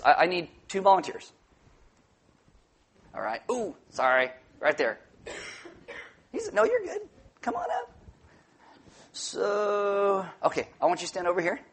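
A man's voice: a little high, breathy edge. A male pastor giving a playful, jokey sermon in a church, bringing volunteers up and joking with the congregation. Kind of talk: sermon with audience interaction. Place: church sanctuary.

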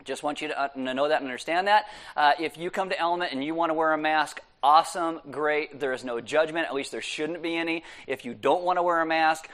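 Easygoing, joking male pastor, slightly high voice. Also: fairly quick, hardly any pauses, fairly bright tone. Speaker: church pastor making announcements. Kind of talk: casual church announcements. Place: church service room.

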